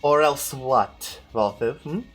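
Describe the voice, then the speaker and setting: A man's voice: medium pitch, wildly swooping pitch, normal speed, a bit bright, slightly rough, faint music behind, voice pushed down, exaggerated voice. Man voicing a huge, vain, taunting female villain. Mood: menacing. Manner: purring, mocking.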